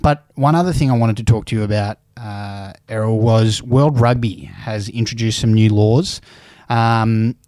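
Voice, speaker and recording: A man's voice: on the low side, normal speed, darkish tone, dry recording, clean studio sound. A man hosting a rugby podcast, easygoing and steering the talk. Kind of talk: casual sports chat.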